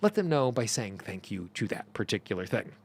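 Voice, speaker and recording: A man's voice: on the low side, sing-song, a little fast, vocal fry, husky, dry recording. A middle-aged man hosting a teaching monologue, earnest and emphatic, repeating phrases for stress. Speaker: host.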